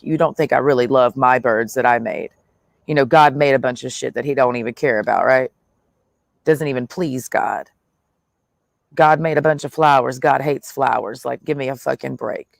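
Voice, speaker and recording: A man's voice: mid-range voice, vocal fry, dry recording, studio quality. A man in a blunt, profane monologue, speaking in the first person as God, full of slang and swearing. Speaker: vlogger.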